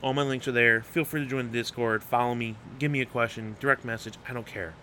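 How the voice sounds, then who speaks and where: A man's voice: mid-range voice, fairly even intonation, quick pace, pushed and bright, slight background noise. Hyped, swearing male podcast host. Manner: hyped, swearing, rambling with restarts. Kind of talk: unscripted solo podcast rant.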